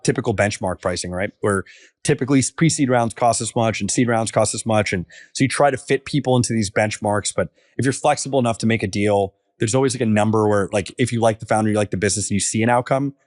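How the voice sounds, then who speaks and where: A man in his thirties, a startup founder, talking casually on a podcast with lots of fillers and quick asides. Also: on the low side, no echo, studio quality. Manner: casual, filler-heavy storytelling.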